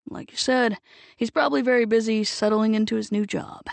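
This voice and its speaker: A woman voicing a calm, guarded man, a writer, who keeps his tone measured and neutral. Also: fairly high pitch, creaky, dry recording. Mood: even.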